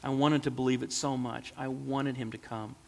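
Storybook old shoemaker, gentle and sorrowful, read by a man; gravelly, in a reverberant hall. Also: mid-range voice, steady tone, moderate pace, natural voice. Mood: sad. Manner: soft, sorrowful murmur. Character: lonely old male shoemaker, gentle and sad.

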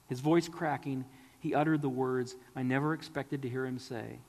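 A man's voice: medium pitch, steady tone, moderate pace, a little mellow, in a large hall. A man preaching a sermon, earnest and pleading, sometimes dropping to a whisper.

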